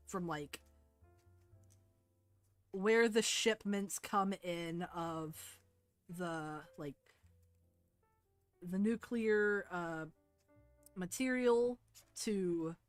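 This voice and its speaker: A woman's voice: lowish voice, dry recording. A young woman narrating a tabletop game as game master, casual and rambling with lots of fillers.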